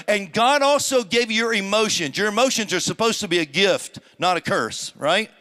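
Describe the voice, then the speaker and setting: A man's voice: high voice, bright, forceful tone. A man pastor preaching a sermon to a live congregation in church, emphatic, drawing out key words and asking the congregation questions.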